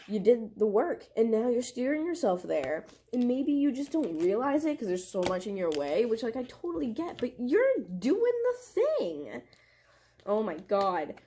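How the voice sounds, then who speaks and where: Excitable young woman reading tarot. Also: on the high side, moderate pace, few pauses, breathy edge. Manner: excitable, gushing, lots of "like". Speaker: tarot reader. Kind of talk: casual tarot reading to camera.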